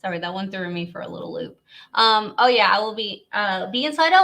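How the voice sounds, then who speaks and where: Chatty bright-voiced woman. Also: medium pitch, expressive, fast. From Louisiana. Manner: chatty, rambling, laughs often. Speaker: live stream host. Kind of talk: casual live stream chat.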